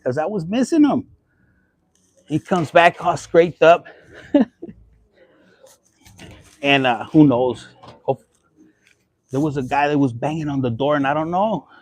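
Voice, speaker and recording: Foul-mouthed, high-voiced man reading tarot. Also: darkish tone, dry recording. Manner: profane, blunt and chatty, mixing in Spanish phrases. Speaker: tarot reader. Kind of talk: casual tarot reading vlog.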